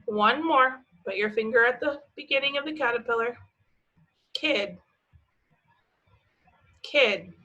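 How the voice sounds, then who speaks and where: A woman teaching preschoolers, speaking slowly and patiently, asking the children questions and answering them herself with encouragement. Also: a little high, bright, forceful tone, muffled recording.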